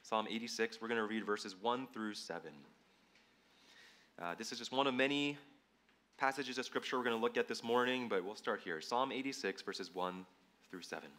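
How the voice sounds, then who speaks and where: A man preaching a sermon to a congregation in a relaxed, joking way, reading scripture and praying in a quieter tone. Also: on the low side, moderate pace. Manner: casual, joking, with fillers, drops to a quiet tone in prayer.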